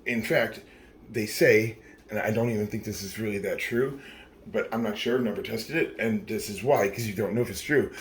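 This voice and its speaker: Brief: weary man in his thirties, late-night confessional, rambling and profane, lowish voice, faint hum behind. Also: normal speed. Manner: rambling, profane, tired, many fillers. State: very tired. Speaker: vlogger.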